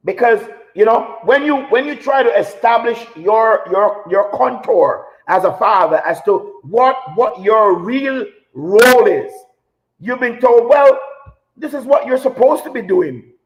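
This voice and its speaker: A man's voice: very high-pitched, expressive, measured pace, lo-fi sound. A man hosting a live talk show, delivering an emotional, preachy monologue with repeated phrases for emphasis.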